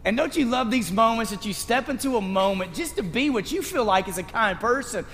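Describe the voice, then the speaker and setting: A man's voice: extremely high pitch, expressive, a little fast, a bit bright, in a large hall, faint music behind. A male pastor preaching a sermon in a conversational, storytelling way.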